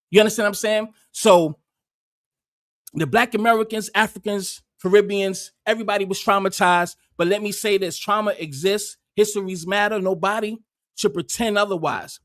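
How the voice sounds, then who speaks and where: A man's voice: sits high, steady tone, normal speed, no room sound, studio quality. A man doing casual livestream commentary, heated and profane, rambling with frequent restarts.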